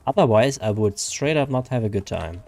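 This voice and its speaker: A man's voice: on the low side, lively intonation, fairly quick, a little mellow. A man, chatting casually and rambling to viewers while he streams a game. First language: German. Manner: rambling, chatty, reads viewer names aloud.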